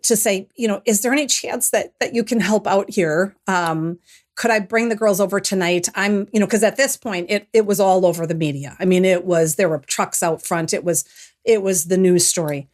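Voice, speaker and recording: A middle-aged woman appears as a guest on an interview show, recounting a personal story. She starts out reflective but grows animated as she goes, frequently restarting her sentences. Her voice sits at a medium pitch and she speaks at a moderate pace.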